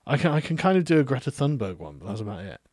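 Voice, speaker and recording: A man hosting a casual live stream, reading out viewer messages and answering them in a relaxed, hesitant way with frequent ums and easy laughs. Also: mid-range voice, rapid-fire, dry recording, clean studio sound.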